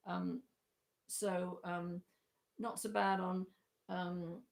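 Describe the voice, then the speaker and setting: A woman leading an online choir rehearsal, chatty and hesitant, with a croaky voice, often breaking into sung parts. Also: on the low side, flat delivery, extremely slow. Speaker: choir leader.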